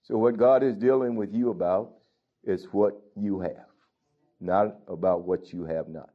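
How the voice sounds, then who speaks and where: A man's voice: fairly low pitch, fairly even intonation, a little slow. A man preaching a sermon as pastor, reading scripture and bluntly scolding his congregation. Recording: dull lo-fi recording.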